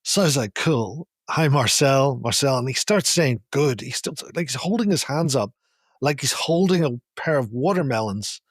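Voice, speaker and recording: A man's voice: medium pitch, moderate pace, breathy edge, dry recording, studio quality. Man telling a funny story with laughs. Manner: animated, laughing while telling stories. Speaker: podcast co-host. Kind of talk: casual storytelling chat.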